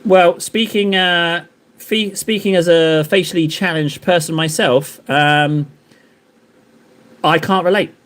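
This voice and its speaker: A man's voice: fairly high pitch, fairly even intonation, slow pace, fairly bright tone. A man streaming while he paints miniatures, chatting and joking with his viewers in a rambling way. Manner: joking, rambling banter with chat.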